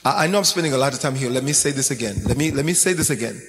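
A man's voice: mid-range voice, expressive, rapid-fire, a bit bright, in a large hall, slight background noise. A man preaching a sermon in a sing-song, chanting style, repeating phrases as he goes.

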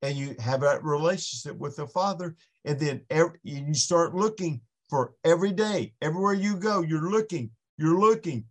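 A man's voice: on the high side, animated, normal speed, few pauses. Earnest man telling a faith story. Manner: earnest storytelling with many restarts. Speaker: podcast guest. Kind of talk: impassioned faith testimony.

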